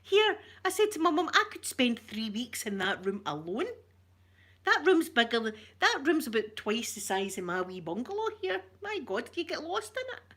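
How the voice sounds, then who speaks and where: Bright-voiced Scottish woman chatting. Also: on the high side, big pitch swings, normal speed. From Scotland. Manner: rambling, jokey, reads out viewer comments. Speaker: ASMR channel host. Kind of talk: chatty live-stream talk.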